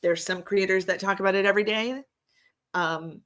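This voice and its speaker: A woman giving casual true crime commentary to her viewers. She talks hesitantly with many filler ums, and her voice is slightly hoarse. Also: mid-range voice, steady tone, moderate pace, fairly bright tone.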